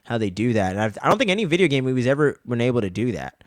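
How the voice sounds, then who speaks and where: A man's voice: medium pitch, big pitch swings, rapid-fire, no echo, clean studio sound. A man co-hosting a casual TV recap podcast, talking loosely and with plenty of swearing. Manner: loose and profane, acts out characters' lines when retelling scenes. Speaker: podcast co-host.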